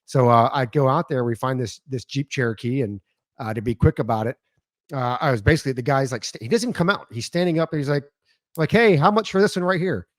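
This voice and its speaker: Talking at a quick pace on a dry recording, this medium-pitched man co-hosts a laid-back podcast. He's an animated storyteller who performs the voices of the people in his tales.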